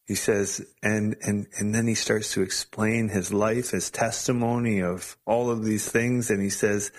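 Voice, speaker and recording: A man as an interview guest, sharing a personal faith testimony in an earnest, halting way with frequent restarts. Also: fairly low pitch, level tone.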